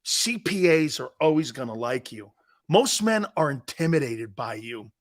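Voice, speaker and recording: Animated middle-aged man telling a story. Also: mid-range voice, moderate pace. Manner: excitable, laughs loudly, acts out quotes. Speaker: sports talk show host. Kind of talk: animated storytelling on a sports talk show.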